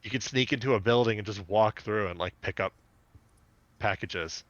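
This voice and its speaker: A man's voice: lowish voice, normal speed, no room sound, muffled recording. A man co-hosting a podcast, chatting casually and laughing as he recaps a cartoon episode. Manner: animated, laughing storyteller. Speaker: podcast co-host.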